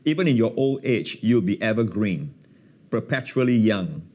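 A man's voice: lowish voice, lively intonation, moderate pace, darkish tone. A man teaching scripture as a guest on a talk show, emphatic and fond of repeating key words, with frequent fillers. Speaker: pastor and guest.

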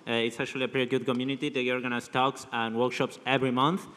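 A man from Galicia, Spain, giving a quick lightning-talk announcement with many "uh" fillers. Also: medium pitch, little pitch movement, fairly bright tone. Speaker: conference speaker. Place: large conference hall. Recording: reverberant hall.

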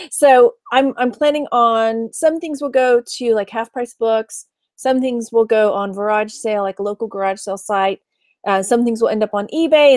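A woman's voice: fairly high pitch, darkish tone, dry recording. A middle-aged woman from Texas, chatting casually to camera about her week and her reselling business, laughing often and imitating her mother. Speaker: online reseller vlogger.

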